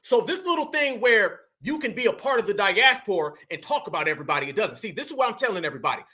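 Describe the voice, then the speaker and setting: A man's voice: high-pitched, very animated, fast talker, bright, forceful tone. A man hosting reaction commentary, talking animatedly, heckling and calling out to "y'all.". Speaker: commentary channel host.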